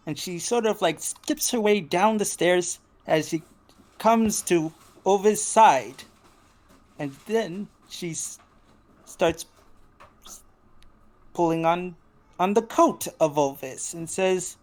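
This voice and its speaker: A game master narrating a tabletop role-playing game, slow and halting with frequent restarts. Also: mid-range voice, darkish tone. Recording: faint background noise.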